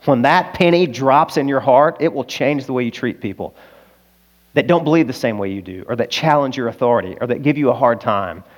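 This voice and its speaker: An Arkansan male pastor preaching a sermon in an earnest, confessional storytelling voice. His pitch sits in the middle, and he swings between quiet admissions and loud, emphatic peaks. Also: a little fast, dull audio.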